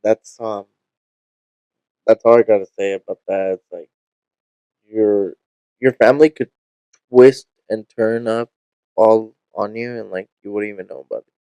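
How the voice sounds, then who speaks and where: A young man co-hosting a casual podcast, laid-back and halting, mostly giving short replies. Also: on the low side, steady tone, dark tone, smooth, dry recording, rough recording. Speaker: podcast co-host.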